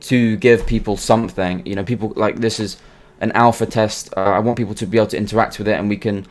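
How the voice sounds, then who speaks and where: Man, low voice, podcast guest, game creator, halting, repeats words. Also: fairly even intonation. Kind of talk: casual podcast interview.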